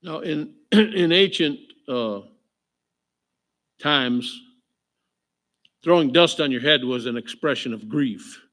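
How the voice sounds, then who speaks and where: A man's voice: mid-range voice, fairly bright tone. Joking male pastor preaching. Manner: jokey, keeps asking the crowd "right?"; reads scripture aloud with slow emphasis. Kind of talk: sermon. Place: church.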